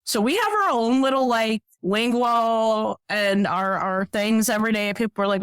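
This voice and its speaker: A woman guest on a podcast telling stories in a casual, animated way, acting out what people said. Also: mid-range voice, normal speed, few pauses, smooth, no echo. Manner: animated, acts out quoted voices. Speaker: podcast guest, professional hiker. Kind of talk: casual storytelling.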